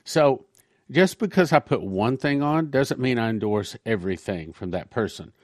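A male pastor talks through prophecy in an easy, conversational way, pausing now and then to read a quotation aloud. His voice sits at an ordinary middle pitch. The recording is close and dry, with no room sound. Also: lively intonation, no echo. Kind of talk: sermon-style prophecy talk.

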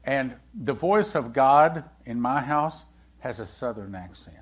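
A man preaching a sermon in a conversational way, asking the congregation questions and swinging between loud and hushed delivery. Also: mid-range voice, unhurried, husky. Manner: animated, swings from loud to hushed, acts out quoted dialogue.

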